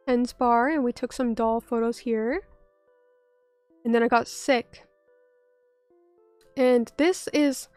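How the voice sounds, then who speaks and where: Hoarse young woman VTuber, high-pitched and bronchitis-rough. She rambles, curses and bickers with chat over a close, dry mic. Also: darkish tone, no room sound. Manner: rambling, self-interrupting, swears, talks back to chat. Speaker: VTuber streamer. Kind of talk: casual live-stream chat.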